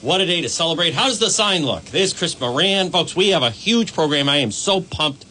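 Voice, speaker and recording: A man's voice: on the high side, expressive, moderate pace, sharp tone, a little hiss or hum. A man hosting a morning radio talk show, boisterous and exuberant, greeting listeners by name.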